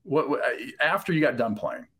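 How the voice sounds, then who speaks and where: A man's voice: on the high side, lively intonation, brisk, fairly bright tone, breathy edge. A man hosting a casual podcast interview, talking in a reflective, conversational way. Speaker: podcast host, former quarterback.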